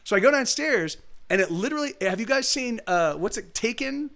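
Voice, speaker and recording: A man's voice: very high voice, animated, brisk, vocal fry, a bit bright. A young man hosting a livestream, telling a long story casually, with many restarts and quoted lines. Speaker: livestream host. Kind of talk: casual chat.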